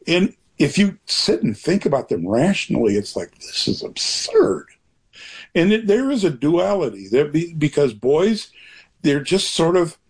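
A man's voice: on the high side, darkish tone, breathy edge. An older man, a grandfather, speaking as an author guest in a casual interview, rambling and reflective with many restarts.

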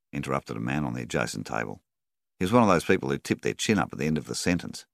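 A man reading an audiobook aloud in an expressive storytelling style. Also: extremely low pitch, fairly quick, gravelly, no room sound, clean studio sound. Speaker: audiobook narrator. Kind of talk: scripted narration.

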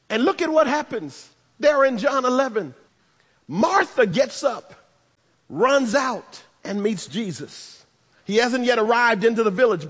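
Man preaching, very high bright voice, animated with humorous asides, long hall reverb. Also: slightly rough. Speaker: pastor. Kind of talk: sermon.

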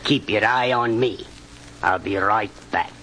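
Man doing a terse pickpocket, bright edgy tone, old radio play. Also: lowish voice, unhurried, a little hiss or hum, poor audio. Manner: terse, matter-of-fact. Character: cool, unsmiling male pickpocket. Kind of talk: old-time radio drama.

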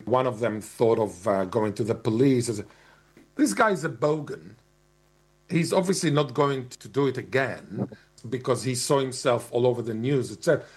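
A man talks through his points in a lecturing monologue, wry and emphatic. His voice sits in a middle pitch with a husky, slightly breathy edge. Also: normal speed. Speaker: commentator. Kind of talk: spoken monologue commentary. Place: Australia.

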